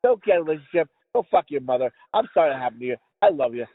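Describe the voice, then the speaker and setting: A man's voice: on the high side, expressive, very fast, no echo. Profane rambling man on a phone line. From United States. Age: middle-aged. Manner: rambling, heavy swearing, laughing. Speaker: podcast host. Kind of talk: casual profane chat. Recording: tinny phone line, dry.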